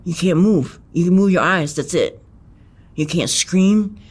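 A man with a fairly high voice tells an interviewer about a personal ordeal. His speech is profane and halting, full of fillers, restarts and emphatic repetitions, and it stays intense throughout. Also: breathy edge. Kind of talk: recounting a personal ordeal in conversation.

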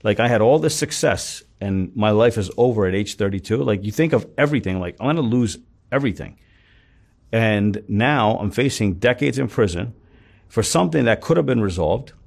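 Male interview guest, raspy low voice; intense storyteller who voices the other people in his tale. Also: a little mellow. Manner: retells scenes with quoted dialogue, swears freely; intense, emphatic when upset.

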